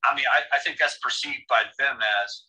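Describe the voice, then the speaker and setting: A man's voice: mid-range voice, fairly even intonation, fairly quick, pushed and bright, husky, rough recording. An American man co-hosting a casual chat, opinionated and joking, with many restarts. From United States. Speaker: podcast co-host.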